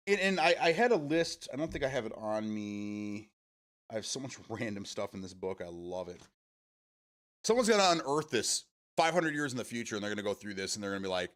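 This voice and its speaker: A man's voice: mid-range voice, expressive, brisk, a bit bright. A middle-aged man, hosting a casual live stream, rambling and chatty with self-amused laughs. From Michigan, USA. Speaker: streamer host.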